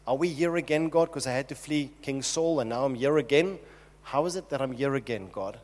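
A man's voice: medium pitch, a little fast, a little mellow, lightly acted. A man preaching who voices King David as a desperate man pleading urgently with God. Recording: long hall reverb.

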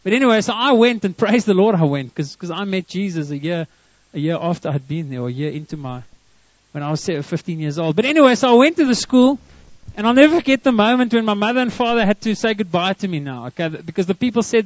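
A man's voice: high-pitched, quick pace, dry recording. A middle-aged man with a South African accent, preaching in a conversational storytelling manner, often restarting his sentences. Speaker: pastor. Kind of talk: sermon. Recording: dull, muffled dry recording.

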